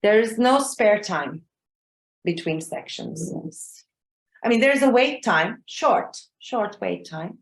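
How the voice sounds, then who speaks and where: A woman's voice: medium pitch, expressive, slow, gravelly. A woman exam trainer teaching a live online class over a video call, patient and often checking in with "okay?" and "yeah?". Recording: roomy echo.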